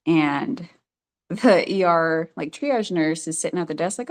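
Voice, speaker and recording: A woman's voice: low voice, normal speed, darkish tone. A woman telling her own story as a podcast guest, chatty and full of fillers, often laughing as she goes. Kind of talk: casual storytelling.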